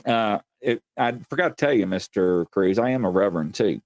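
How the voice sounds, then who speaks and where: This paranormal talk show host from Kentucky tells his stories casually and in roundabout fashion, addressing listeners directly with a folksy touch. He talks briskly in a lowish, slightly mellow voice.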